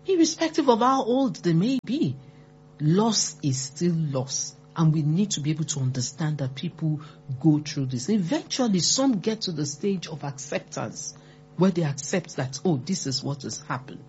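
A woman's voice: sits low, very animated, moderate pace, darkish tone, slight background noise. A woman giving earnest, emphatic advice on supporting grieving people, repeating key words and acting out quoted remarks. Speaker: speaker on grief support. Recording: dull lo-fi recording.

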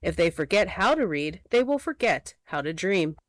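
A woman's voice: lowish voice, very animated, normal speed, no echo, studio quality. A woman voicing an earnest, meek young female raccoon in a storybook reading. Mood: pleading.

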